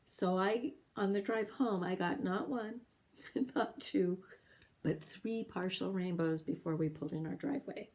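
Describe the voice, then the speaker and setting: A middle-aged woman with a warm, mellow and somewhat low voice tells a personal story. She speaks earnestly and with feeling, often breaking off with halting pauses. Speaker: podcast host sharing her story.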